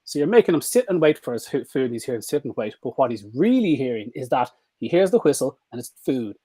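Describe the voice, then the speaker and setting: A man, a vet, walks listeners through dog training in a relaxed live-stream talk. He is lively and demonstrative, sometimes squeaking high to act out a dog's excitement. His voice sits mid-range and sounds dry and close. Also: fast, breathy edge, no room sound.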